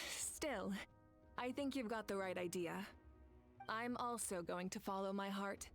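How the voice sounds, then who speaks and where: Actress as composed woman leader, mid pitch, measured delivery, faint game music. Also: lightly acted. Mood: reflective. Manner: calm, measured. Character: calm woman ruler, devoted and driven.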